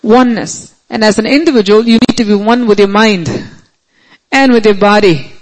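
A man preaching a sermon, emphatic, repeating key phrases and slowing down to stretch words for stress. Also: sits high, poor audio.

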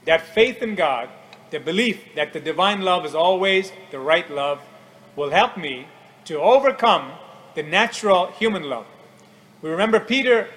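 A man preaching a radio sermon in an earnest, measured way, often quoting scripture. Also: high-pitched, fairly bright tone, low-quality recording.

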